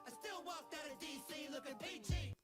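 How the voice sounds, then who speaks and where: Man impersonating a brash older president, swaggering rap battle verses, boastful, loud hip hop beat behind. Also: very high-pitched, moderate pace, over loud music. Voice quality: swaggering, taunting rap delivery.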